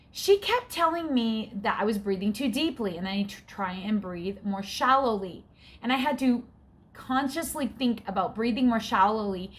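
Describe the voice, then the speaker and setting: A woman in her forties vlogging in a casual, frank, chatty way, her breathing often audible. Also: mid-range voice. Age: 40s. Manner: chatty, frank, gets exasperated. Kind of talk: casual chat.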